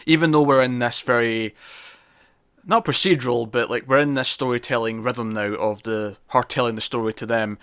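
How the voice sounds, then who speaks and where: A man's voice: mid-range voice, steady tone, normal speed, a bit bright, smooth, dry recording, studio quality. A man co-hosting a podcast, reviewing a TV episode in casual chat, rambling with many fillers and restarts.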